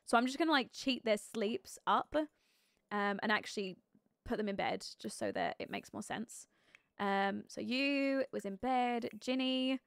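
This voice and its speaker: A woman streaming a life-sim game live, chatting casually and thinking aloud, with sudden excited outbursts. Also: on the high side, clear, resonant tone, no room sound, clean studio sound. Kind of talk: live gameplay commentary.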